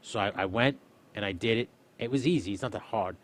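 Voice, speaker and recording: A young man casually telling a story on a stream, swearing often and loudly acting out what people said. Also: fairly low pitch, fairly quick. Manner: animated, swearing, acts out quotes loudly. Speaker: streamer, host.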